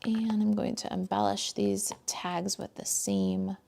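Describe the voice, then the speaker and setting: Speaking slowly with little pitch movement, this woman has a medium, warm voice with vocal fry. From the United States, she shows card stamping live from her home craft desk, chatting in a friendly way with viewers and her dog while she works.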